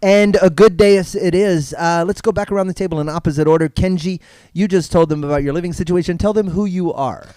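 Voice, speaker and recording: A man's voice: sits high, fast talker, warm tone, smooth, no echo. A man hosting a comedy podcast, making laid-back, joking banter with his guests. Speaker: podcast host. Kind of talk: casual chat.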